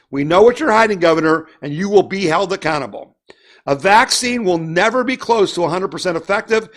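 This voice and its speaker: A man's voice: high-pitched, fairly bright tone. A man hosting a political opinion show, speaking in a combative, emphatic way. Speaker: host of a political news show. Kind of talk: opinion commentary.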